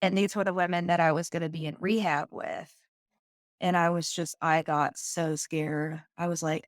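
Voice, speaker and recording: A woman's voice: low voice, steady tone, normal speed, no room sound, clean studio sound. A woman guest on a podcast, telling her personal story in a candid, earnest way.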